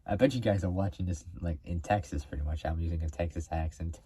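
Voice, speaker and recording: A man's voice: low voice, fast, hardly any pauses, dark tone, slightly rough. A man hosting a car video, talking casually to camera in a rambling way, full of fillers and restarts.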